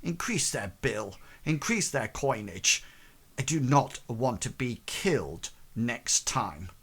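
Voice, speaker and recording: A man's voice: medium pitch, sing-song, slow pace, a bit bright, husky, heavily acted. A man playing a vain, haughty guild mistress. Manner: pompous, cold, scolding.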